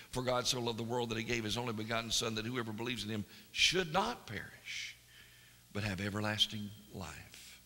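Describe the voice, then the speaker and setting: A man preaching in a church sanctuary, his voice very bright and ringing with a long hall reverb. He swings between hushed, slow emphasis and loud, animated storytelling. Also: lowish voice, vocal fry, slightly rough. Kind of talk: sermon.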